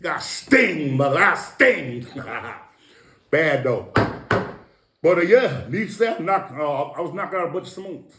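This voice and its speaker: A man's voice: on the high side, big pitch swings, unhurried, background noise. A middle-aged man from East Los Angeles telling stories as an interview guest in a boastful, profane way, with his own sound effects. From East Los Angeles, USA. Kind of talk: casual storytelling. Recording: roomy echo.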